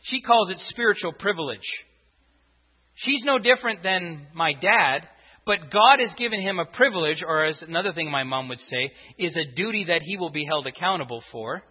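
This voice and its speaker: This sermon comes from a pastor whose voice is a little high and husky, animated yet at a normal speed. He presses his message on the congregation through repeated rhetorical questions, captured in a dull, reverberant sanctuary recording.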